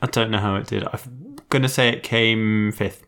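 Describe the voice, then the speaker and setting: A man's voice: fairly low pitch, fairly even intonation, normal speed, a bit bright. A man co-hosting a casual podcast chat, with a dry, wry humor. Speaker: podcast co-host.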